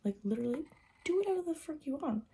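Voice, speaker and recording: A woman's voice: high-pitched, lively intonation, fast, dark tone. A young woman vlogging in casual, rambling chat, swearing freely and often dropping into a whisper. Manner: rambling and profane, drifts into whispers.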